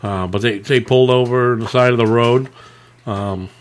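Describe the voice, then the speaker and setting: A man's voice: medium pitch, steady tone, moderate pace. A man co-hosting a live podcast, telling crude, rambling stories with lots of fillers. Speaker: podcast co-host. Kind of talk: casual live podcast banter.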